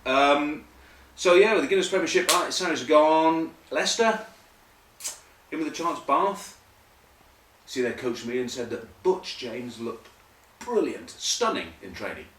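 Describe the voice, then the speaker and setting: A man's voice: on the high side, measured pace, a bit bright, recorded from a distance, a little hiss or hum. A man hosting a comic rugby news monologue, rambling with jokey asides. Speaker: host. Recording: echoey room, voice off-mic.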